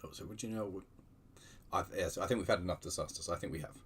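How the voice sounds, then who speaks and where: A man's voice: low-pitched, fast talker, husky. A man hosting a casual livestream, chatting in a rambling, self-deprecating way with many restarts, keyboard typing behind him. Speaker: livestream host.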